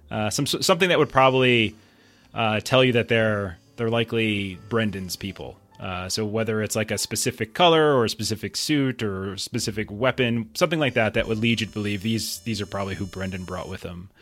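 A man's voice: fairly low pitch, a bit bright. A man narrating a tabletop game as game master, in a loose, rambling way with many fillers.

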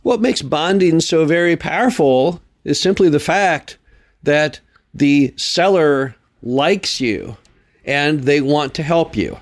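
A man's voice: a little high, slow pace. A man hosting a solo podcast, explaining his points in an earnest, patient way and often repeating words for emphasis. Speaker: podcast host.

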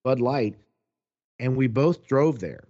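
A man telling a long story in a casual, animated way, quoting people as he goes. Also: mid-range voice, takes it slowly, highs cut off.

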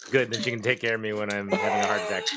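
A man's voice: on the low side, fairly even intonation, rapid-fire. A man in casual podcast chat, easygoing with a dry sense of humor. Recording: clear background noise.

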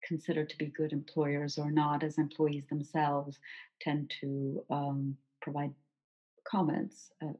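A woman's voice: low voice, completely flat delivery, measured pace, slightly rough. A woman hosting an interview, asking long, winding questions. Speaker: host. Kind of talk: interview conversation. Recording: slightly dull lo-fi audio.

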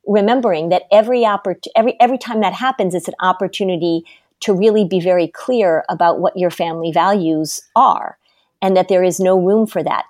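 A woman's voice: on the low side, a little mellow, dry recording, studio quality. Firm, emphatic woman giving parenting advice. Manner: emphatic, firm, uses everyday examples. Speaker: parenting expert. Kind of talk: casual conversational advice.

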